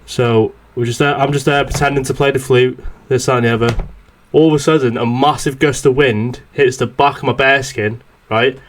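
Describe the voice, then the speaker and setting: A man's voice: mid-range voice, steady tone, normal speed, hardly any pauses, slight background noise. A young man on a podcast, telling a rambling, swear-filled story in casual chat. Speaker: podcast host.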